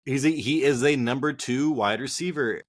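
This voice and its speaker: A man's voice: medium pitch, normal speed. A man co-hosting a casual sports podcast, speaking bluntly with casual swearing and hesitant fillers. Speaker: co-host.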